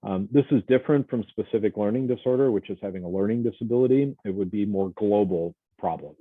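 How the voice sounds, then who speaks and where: A man, a college instructor, giving a relaxed, conversational recorded lecture and acting out little example dialogues. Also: fairly low pitch, fast, dry recording. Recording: tinny, phone-like dry recording.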